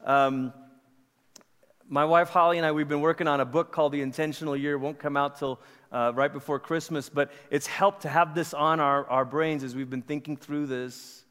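A man's voice: on the high side, moderate pace. Male preacher, 40s, from Malaysia; easygoing, chatty storytelling delivery in a big reverberant room. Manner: animated, casual storytelling with fillers. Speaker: pastor. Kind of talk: conversational sermon. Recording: long hall reverb.

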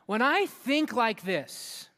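A man preaching a sermon as a youth pastor in a church hall, energetic and interactive, often asking the audience questions. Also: extremely high pitch, slow. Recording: long hall reverb with faint music.

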